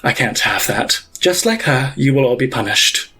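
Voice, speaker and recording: A man voicing a vengeful woman pontiff who protects her feeding children, speaking low and measured. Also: lively intonation, pushed and bright, husky, heavily acted. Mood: menacing.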